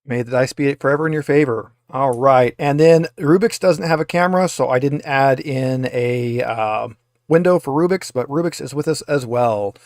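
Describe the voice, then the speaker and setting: A man's voice: medium pitch, moderate pace, darkish tone, no echo, clean studio sound. A man running a tabletop game as game master, talking in a rambling way with many filler uhs. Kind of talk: narrating a tabletop game over a video call.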